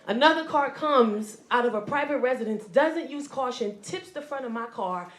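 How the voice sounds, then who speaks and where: A woman comedian telling a stand-up story, acting out the voices and getting loud at the punchlines. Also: sits high, normal speed. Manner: animated, acts out voices and gets loud at punchlines. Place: comedy stage before a live audience. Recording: echoey venue with crowd laughter. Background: audience laughter.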